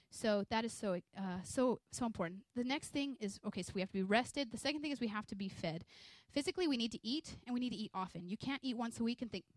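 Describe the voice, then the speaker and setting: A woman in her thirties preaching a sermon at church, conversational and energetic, acting out little scenes from family life. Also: medium pitch, no room sound. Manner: energetic, conversational, acts out quotes from home life. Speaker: pastor's wife preaching.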